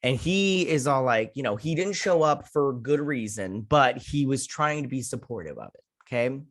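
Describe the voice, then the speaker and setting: A man's voice: mid-range voice, animated, moderate pace, no room sound. A man hosting an online show, casually retelling and reviewing a TV episode with lots of fillers, getting heated with opinions. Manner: rambling retelling with many fillers and acted-out quotes. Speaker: host.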